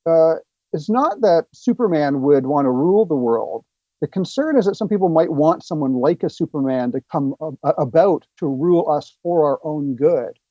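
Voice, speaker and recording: A man, an author being interviewed, explaining his ideas earnestly with halting restarts. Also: a little high, dark tone, no echo, highs cut off. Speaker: author guest. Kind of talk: interview answers.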